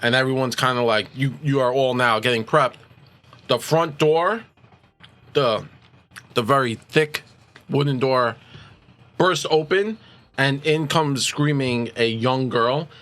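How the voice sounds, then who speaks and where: Bright-voiced man running a tabletop game. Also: medium pitch, slow pace, long pauses. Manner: loose, hesitant narration full of "like". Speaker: game master. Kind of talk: narrating a tabletop role-playing game.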